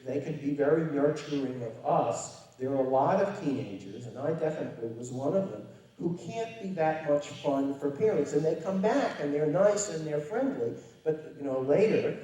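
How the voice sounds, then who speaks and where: A man's voice: fairly high pitch, expressive, moderate pace, mellow. Echoey far-off man giving a lecture. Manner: conversational, wry storytelling with emphatic stresses. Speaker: lecturer to parents. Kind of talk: public lecture. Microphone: distant from the microphone. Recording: very echoey hall, voice picked up from afar.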